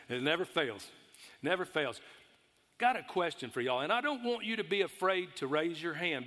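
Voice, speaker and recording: In a church sanctuary, a man with a Texas accent preaches a folksy, story-driven sermon to the congregation. His voice is fairly high and a bit bright, carried by the long reverb of a large hall.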